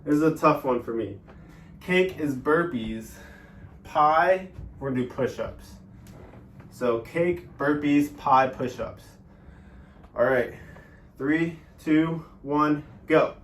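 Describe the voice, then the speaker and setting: A man teaching a guided workout lesson, explaining each step with many ums and pauses. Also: fairly high pitch, distant mic, slight background noise. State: out of breath during exercise. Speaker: fitness instructor. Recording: echoey room, voice off-mic.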